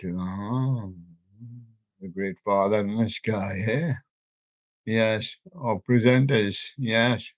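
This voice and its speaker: Older guy hosting his stream, slow and chuckly, punny, muffled lo-fi sound. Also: medium pitch, a bit bright. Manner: chuckling, jokey wordplay, talks to his props. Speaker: live stream host. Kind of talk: rambling solo live-stream chat. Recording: dull lo-fi stream audio.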